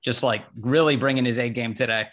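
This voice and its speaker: Male host, quick-talking, bright tone, upbeat ad read. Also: mid-range voice, fairly even intonation. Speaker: talk show host. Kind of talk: hosting a talk show, reading an ad.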